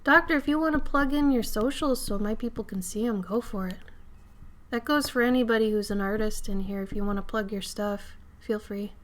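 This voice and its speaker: Drawing on a live stream, this Minnesota woman chats casually, her slightly high voice hoarse and crackly as she recovers from being sick. She talks fairly quickly, drifting into soft whispers now and then, her mouth close to the mic.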